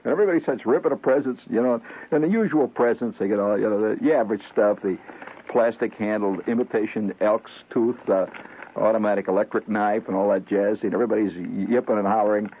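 A man hosting a late-night comic radio show, rambling and halting with lots of fillers and chuckles. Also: on the low side, steady tone, a little hiss or hum. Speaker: radio host. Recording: tinny lo-fi radio broadcast.

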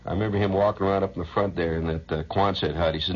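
A man's voice: low-pitched, fairly even intonation, racing, slightly rough, muffled recording. A man hosting a radio show, rambling through a loose monologue, chuckling often and humming nonsense syllables. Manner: rambling, chuckling, hums sing-song nonsense. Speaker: radio host.

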